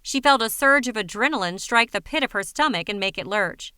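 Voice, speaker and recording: Woman narrator, audiobook, wry even storytelling, bright voice, dry close mic. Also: a little high, brisk, clear, resonant tone, no room sound.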